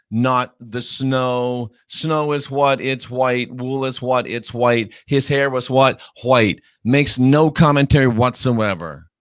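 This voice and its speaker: A man hosting his own online show, delivering a scornful, lecturing monologue and stretching key words out slowly for emphasis. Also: medium pitch, clean tone, no room sound, studio quality.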